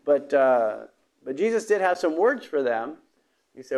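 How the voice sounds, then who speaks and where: A man preaching a sermon in a gravelly voice with some vocal fry. He talks haltingly, with restarts, fillers and throat-clearing, and his pitch sits in an ordinary middle range. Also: very animated, darkish tone.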